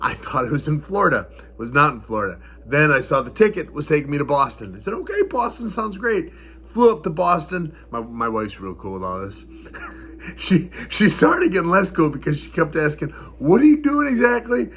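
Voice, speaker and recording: A fighter vlogger on the road for a fight in the northeastern US tells a story in a casual, rambling way, chuckling often and repeating himself. His voice sits on the high side with big pitch swings, a little fast, fairly bright and slightly rough.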